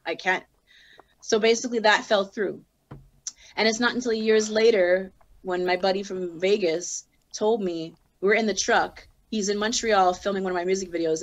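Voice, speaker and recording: A woman rapper telling a long story in casual conversation, acting out both sides of each exchange. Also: lowish voice. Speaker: guest.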